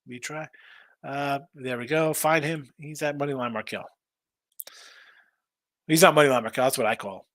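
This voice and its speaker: A man's voice: mid-range voice, normal speed, a bit bright, no room sound. A man hosting a casual betting stream, rambling through picks, repeating himself and reading out chat messages. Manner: restarts and repeats words often. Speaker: sports betting show host.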